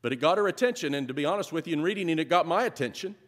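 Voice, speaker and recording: A male pastor preaching a sermon, building to emphatic repeated phrases and then dropping to a soft close. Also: a little high, expressive, racing. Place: church sanctuary. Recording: long reverb of a large hall.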